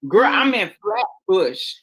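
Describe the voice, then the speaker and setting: A man with a Southern accent, co-hosting a casual chat show in an animated, teasing way. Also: sits high, slow, husky, low-quality recording. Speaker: show co-host.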